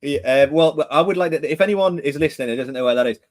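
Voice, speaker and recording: This podcast co-host, a director of training with a Geordie accent from northeast England, talks quickly in a fairly high voice. Recorded in a home room in England, he keeps the casual chat going with lots of questions and friendly teasing.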